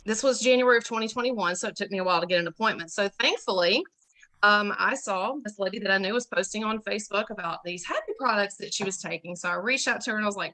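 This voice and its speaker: A woman's voice: medium pitch, quick pace, bright, forceful tone, low-quality recording. A woman giving a candid, emotional personal testimonial on a company video call. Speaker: guest sharing a testimonial.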